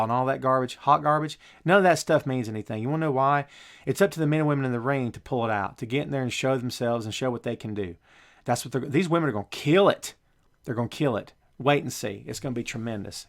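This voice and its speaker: A man's voice: mid-range voice, fairly bright tone. A man hosting a wrestling talk show, giving blunt, opinionated commentary full of rhetorical questions. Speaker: show host.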